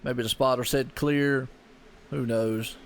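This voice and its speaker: A man's voice: mid-range voice, steady tone, slow pace, slight background noise. A man with a Southern US accent doing laid-back, folksy play-by-play commentary on a sim racing broadcast. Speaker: race commentator.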